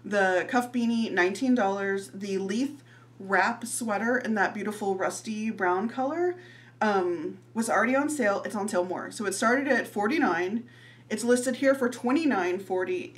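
A woman, chatting casually and giggling as she talks viewers through clothing prices in a fashion vlog. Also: mid-range voice. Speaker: fashion vlogger. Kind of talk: casual try-on haul chat.

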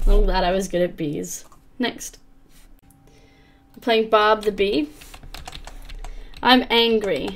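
Gravelly woman reading indie game text. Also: mid-range voice, slow, pauses often. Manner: quiet, wry commentary. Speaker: let's play host. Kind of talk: gameplay commentary and reading game text aloud.

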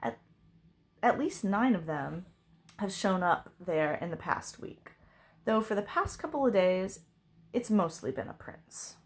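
A woman voicing a polite, quick-witted young princess in a storybook. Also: medium pitch, animated, close to an everyday voice.

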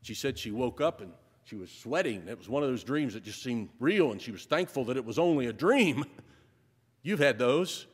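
A male pastor preaching a sermon, building to emphatic repeated phrases and then dropping to a soft close. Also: mid-range voice, animated, moderate pace, husky. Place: church sanctuary. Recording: long reverb of a large hall.

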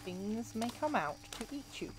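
A woman's voice: fairly high pitch, very animated, moderate pace, noisy background. A woman, chatting and joking to herself while streaming a video game. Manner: chatty, jokey, talking to herself. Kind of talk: casual gameplay commentary.

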